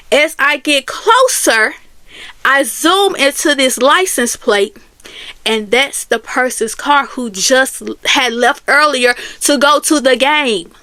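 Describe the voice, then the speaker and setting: A high-pitched woman tells a personal story straight to her viewers, animated and chatty. The sound is dry and close, with no room echo. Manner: animated, Southern US Black vernacular phrasing, addresses viewers as y'all. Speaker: vlogger telling a story. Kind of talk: casual storytelling to camera.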